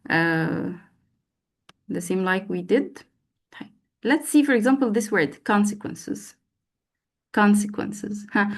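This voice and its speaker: Woman leading an online teaching workshop. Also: mid-range voice. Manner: prompting, interactive, repeats words for emphasis. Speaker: teacher trainer. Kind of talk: online teacher training session. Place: online video call.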